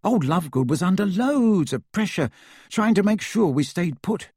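A man's voice: high-pitched, lively intonation, normal speed, warm tone, husky, no room sound, studio quality, pitched above the performer's own voice. A man reading aloud voices a blunt, easygoing teenage boy wizard who argues casually. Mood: casual, arguing.

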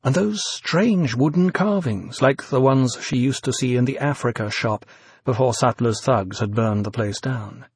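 Brief: husky male narrator, measured descriptive storytelling, dry close sound. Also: medium pitch, dry recording. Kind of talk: audiobook narration.

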